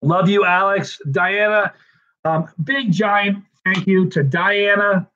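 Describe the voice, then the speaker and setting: Slow and high-pitched, his voice pushed and bright, a worn-out host chats casually on his livestream, rambling on and gushing thanks to viewers one by one. The recording has a dull, lo-fi stream quality.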